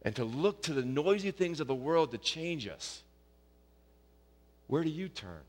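A man preaching a sermon, rising loud and high on his questions and dropping soft and low for quiet passages. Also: expressive, a little slow, long reverb tail. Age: young adult or middle-aged, a father of young kids. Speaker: pastor.

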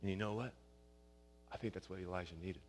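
A man's voice: low-pitched, fairly even intonation, fast, slight background noise. Preacher man in a reverberant hall. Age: young adult or middle-aged, a father of young kids. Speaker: pastor. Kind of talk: sermon.

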